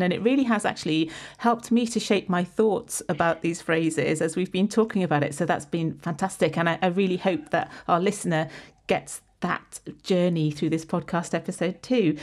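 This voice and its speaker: A woman's voice: mid-range voice, a little mellow. A woman with a mid-range voice hosts a podcast panel. She is upbeat and playful as she asks questions and thanks her guests. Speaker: podcast host. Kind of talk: casual panel discussion.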